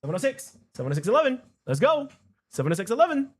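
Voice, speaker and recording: A man talking to himself while he trades options, muttering numbers and repeating phrases, then breaking into excited chants. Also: very high-pitched, rapid-fire. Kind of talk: casual live trading commentary.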